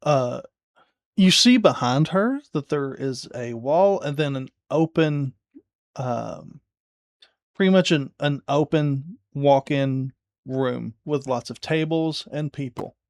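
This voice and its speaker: Slow-talking man running a tabletop game. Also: mid-range voice, no room sound, studio quality. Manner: unhurried, hesitant narration with fillers. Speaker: game master.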